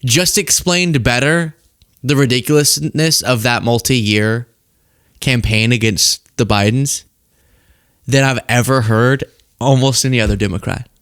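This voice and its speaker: A young man hosting casual political commentary, animated and jokey, laughing at his own rhymes. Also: medium pitch, a little slow, smooth, no room sound, studio quality.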